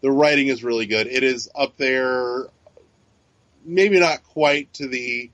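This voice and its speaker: A podcast co-host chats casually, rambling and swearing, with frequent fillers and restarts. His mid-range voice is slow and fairly bright. There's no room sound, but the recording is dull and lo-fi.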